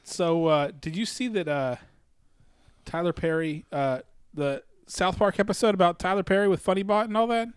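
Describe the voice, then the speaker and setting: A man's voice: sits high, moderate pace, smooth, dry recording, clean studio sound. A man in loose, joking chat as co-host, often trailing off and restarting. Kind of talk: casual comedic chat.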